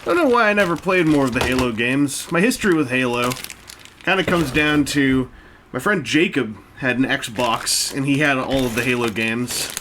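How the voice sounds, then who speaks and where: A man's voice: medium pitch, lively intonation, moderate pace, noisy background. A man casually chatting while he builds a brick set, rambling along with self-mocking jokes and asides. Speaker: toy-building video host. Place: indoors at a table.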